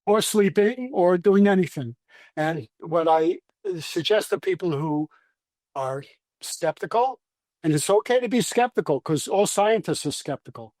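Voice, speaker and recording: A man's voice: sits high, expressive, measured pace, a little mellow, dry recording, studio quality. A man with a Brooklyn accent, a scientist guest patiently explaining things in an interview, often restarting his sentences. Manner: patient, lecturing, with frequent restarts.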